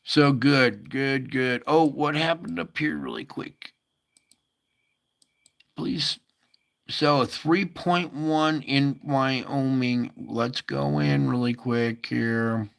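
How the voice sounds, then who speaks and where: A man's voice: mid-range voice, fairly even intonation, slow pace, creaky, few pauses. A man hosting a casual earthquake update, thinking aloud over maps with many fillers and asides. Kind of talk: casual screen-share commentary.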